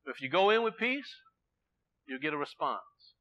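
A man preaching a sermon in a folksy way, swinging from emphatic declarations to quiet storytelling. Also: on the high side, sing-song, normal speed, muffled recording.

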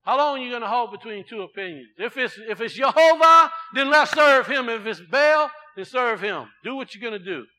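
A man preaching voices a stern old male prophet, challenging a crowd in a loud, raised, demanding voice. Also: animated, quick pace, few pauses, long reverb tail, poor audio. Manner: loud, demanding, high-pitched.

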